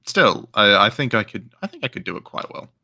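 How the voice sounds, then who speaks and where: A man's voice: on the low side, big pitch swings, creaky, pushed and bright. A man in casual chat who often stops and restarts his sentences. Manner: halting, restarts often, joking.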